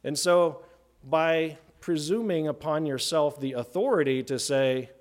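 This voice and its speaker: A man with a slightly higher voice preaches a verse-by-verse sermon. He talks in a casual way and keeps asking the room "right?" He stretches key words slowly and jumps up in pitch and volume for acted-out quotes. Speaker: pastor. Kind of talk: expository sermon.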